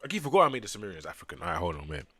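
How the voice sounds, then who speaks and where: A young man chats on a stream as he reads a manga aloud. He talks in a lowish voice that swings widely and keeps breaking into loud, excitable exclamations. The sound is close and dry, with almost no room. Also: rapid-fire, dry recording. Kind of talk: casual stream chat and reading aloud.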